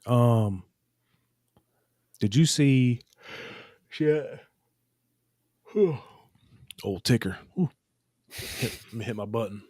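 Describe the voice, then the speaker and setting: A man's voice: medium pitch, drawn-out words, long pauses, darkish tone, no echo, studio quality. A man in his thirties co-hosting a podcast, telling loose, profane, rambling stories in casual chat. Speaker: podcast co-host.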